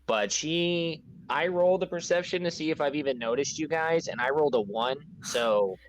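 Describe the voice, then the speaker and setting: A man running a tabletop game, describing scenes in a loose, rambling way full of fillers. His voice sits a little high for a man. He takes his time between thoughts. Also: normal speed, lo-fi sound. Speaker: game master.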